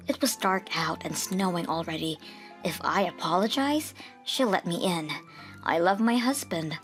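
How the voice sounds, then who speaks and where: A young woman narrating a dubbed manga story in an earnest, first-person storytelling manner. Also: on the low side. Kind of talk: scripted manga dub narration.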